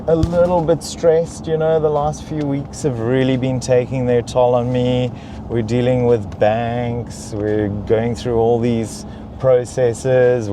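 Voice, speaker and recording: Reviewing a luxury car from its back seat, a young male host plays up a pampered act for laughs. His voice is on the low side, and there's noise in the background.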